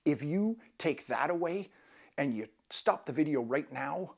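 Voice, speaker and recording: A man's voice: on the high side, expressive, a little slow, creaky. A man vlogging casual travel tips to camera, enthusiastic and rambling, with many restarts.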